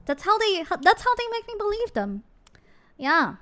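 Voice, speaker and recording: A woman streamer in casual livestream chat, animated and giggly. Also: very high voice, normal speed, faint music behind. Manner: animated, giggly, switches between English and Japanese.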